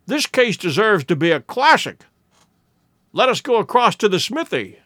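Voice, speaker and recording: A man voicing an eager, sharp male detective who makes brisk, emphatic deductions in an audiobook reading. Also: high voice, big pitch swings, no room sound, clean studio sound, pitched above the performer's own voice. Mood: excited, insistent.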